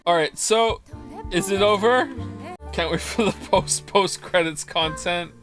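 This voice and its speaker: A man's voice: high-pitched, unhurried, a bit bright. A man streaming a video game, giving blunt, profane, rambling commentary over game music. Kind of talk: casual playthrough commentary.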